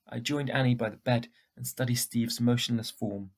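A man reading a first-person storybook aloud in a steady, plain way, with a husky voice. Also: mid-range voice, moderate pace. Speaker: audiobook narrator.

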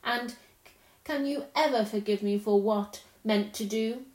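A woman's voice: fairly high pitch, measured pace, darkish tone, close to an everyday voice. A woman voicing a timid, kindly male faun who speaks in an anxious, fretful, politely old-fashioned way. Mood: tender. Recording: roomy echo.

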